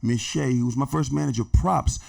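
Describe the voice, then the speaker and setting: A middle-aged man, a podcast guest, telling stories in a casual, animated and slangy way, often saying "man" and "bro". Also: mid-range voice, fairly quick, vocal fry. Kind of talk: casual storytelling.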